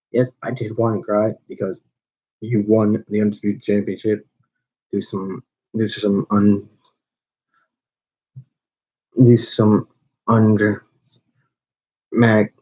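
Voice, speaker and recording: A man who owns a small wrestling channel, delivering a confrontational, rambling call-out to a rival with frequent restarts. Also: on the low side. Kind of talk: call-out video rant. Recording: dull lo-fi recording.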